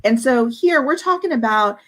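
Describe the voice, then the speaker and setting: A woman hosting a podcast speaks in an encouraging, affirming way. She reflects on the topic in relaxed conversation with her co-host. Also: fairly high pitch, moderate pace. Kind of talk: casual chat.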